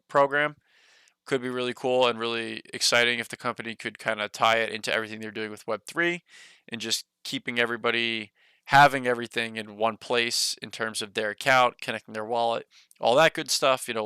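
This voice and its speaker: A young man talking on a casual stock livestream, rambling on with plenty of fillers. His voice is bright and smooth, and it sits dry and close with no room sound. He is a little short of breath. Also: mid-range voice, no echo. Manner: rambling, loose talk full of "like" and "you know". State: a bit out of breath.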